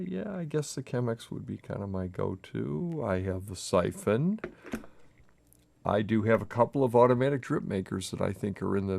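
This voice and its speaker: A man hosting a coffee brewing video at home, talking in a halting, self-interrupting, nervously chatty way while he brews for the camera. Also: fairly low pitch, gravelly, a little mellow. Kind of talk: casual on-camera brewing demo. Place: home kitchen. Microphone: camera mic with a crew.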